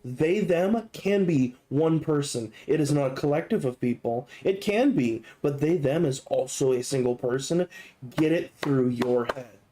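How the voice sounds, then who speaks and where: A man's voice: fairly high pitch, a little slow, dark tone, a little hiss or hum. A young man hosting a gaming video, riffing in a rambling, profane, joking way. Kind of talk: casual comedic commentary.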